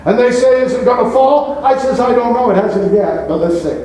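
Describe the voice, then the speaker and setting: A man's voice: very high-pitched, lively intonation, a little fast, dark tone, slight background noise, low-quality recording. A man pastor preaching a sermon, reading scripture aloud and asking the congregation rhetorical questions.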